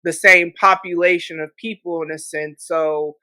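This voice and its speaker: Bright-voiced woman podcast host. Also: on the low side, fairly even intonation, normal speed, dry recording. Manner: thoughtful, reflective, with frequent filler phrases. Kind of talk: casual conversational chat.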